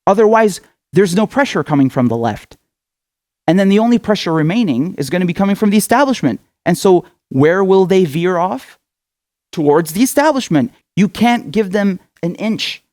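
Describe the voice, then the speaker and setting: A man's voice: sits high, expressive, normal speed, darkish tone, no room sound, studio quality. A man hosting his own political commentary show, ranting angrily and with lots of swearing as he lectures his viewers directly. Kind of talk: impassioned political rant.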